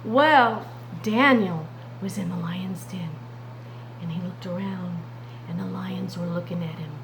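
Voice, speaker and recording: Slow, expressive woman storyteller. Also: fairly low pitch, slight background noise, rough recording. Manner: expressive, warm addresses to "friends". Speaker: Sunday school teacher. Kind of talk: animated children's Bible storytelling.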